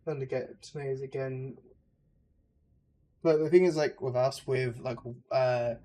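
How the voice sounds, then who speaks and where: A man's voice: medium pitch, steady tone, measured pace, warm tone. Rambling young English man streaming. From England. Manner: rambling, hesitant, full of likes and uhs. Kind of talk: casual gameplay chat with viewers.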